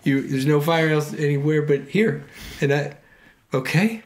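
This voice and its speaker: A man co-hosting a casual talk show, reading scripture passages aloud and then riffing on them with playful, animated asides. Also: a little high, measured pace. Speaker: podcast co-host reading scripture. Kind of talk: casual chat.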